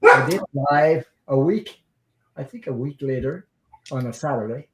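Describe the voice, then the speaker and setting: A man's voice: mid-range voice, lively intonation, unhurried, a bit bright, rough recording. Emotional man hosting a live group chat. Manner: emotional, repeats himself while telling a story. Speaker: live-stream host.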